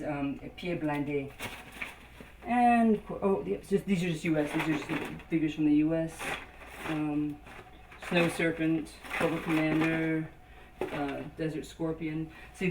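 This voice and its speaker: A woman with a low voice walks through her toy collection in an unhurried show-and-tell. She stops often with ums and starts her sentences over as she reads the labels out. The home video carries a steady hiss of noise behind her. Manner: halting, lots of ums and restarts, reading out labels. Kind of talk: casual show-and-tell narration.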